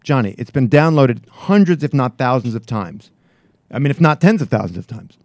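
A man's voice: mid-range voice, animated, moderate pace, a little mellow, dry recording, studio quality. A man, co-hosting a casual radio show, wry and self-deprecating as he tells stories. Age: 50s. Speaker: radio show co-host and newspaper writer. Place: radio studio.

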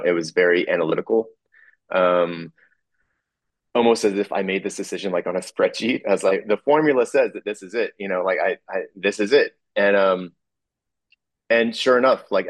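A man telling a personal story in a halting way, full of fillers, restarts and small chuckles. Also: sits low, dry recording.

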